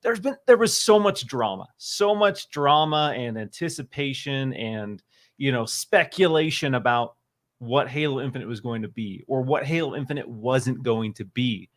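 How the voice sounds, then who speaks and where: A man's voice: medium pitch, animated, moderate pace. A man appearing as a guest on a casual gaming livestream, giving enthusiastic and emphatic opinions.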